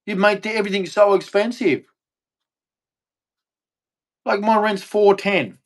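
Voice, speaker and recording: An Australian streamer rants angrily in a high-pitched voice at a slow pace. He's agitated, swears often and keeps repeating himself.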